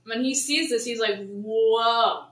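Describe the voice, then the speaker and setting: Bright-voiced woman teaching in a roomy church. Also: on the high side, fairly quick. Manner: chatty, paraphrases in lively voices. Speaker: Bible study leader. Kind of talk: casual Bible teaching to a congregation. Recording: roomy church hall, mic at a distance.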